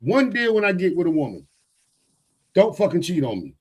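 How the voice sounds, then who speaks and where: A middle-aged man co-hosting a podcast, telling stories in blunt, profane, animated casual chat. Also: high-pitched, normal speed, slightly rough, rough recording. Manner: blunt and emphatic. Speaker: podcast co-host.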